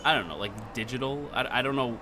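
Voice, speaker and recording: A man streaming casual chat, excitable and quick to laugh, often restarting his sentences. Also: medium pitch, noisy background.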